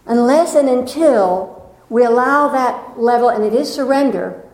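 A woman leading a spiritual gathering, who recites a poem slowly and then tells lively personal stories while urging the room to join in. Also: on the high side. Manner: animated storytelling, playful audience prompts, slow poem recitation. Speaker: spiritual teacher. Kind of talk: inspirational talk to a live group. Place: meeting room with an audience. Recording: echoey room.

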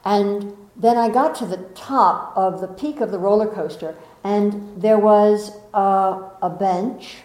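A woman giving a gentle, coaxing inspirational talk as a spiritual teacher, often asking rhetorical questions of her listeners. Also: mid-range voice, slow pace, hardly any pauses, reverberant, poor audio.

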